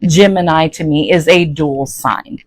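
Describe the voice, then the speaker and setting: A woman's voice: low voice, measured pace, dry recording, poor audio. A woman giving a chatty, folksy tarot reading to her viewers, often checking in with "okay?". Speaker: tarot reader.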